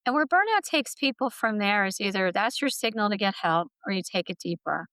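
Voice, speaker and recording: Earnest middle-aged woman with a smooth voice. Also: mid-range voice, animated, brisk, fairly bright tone, dry recording. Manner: earnest, heartfelt, vivid retelling. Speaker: guest author. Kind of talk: personal storytelling in an interview.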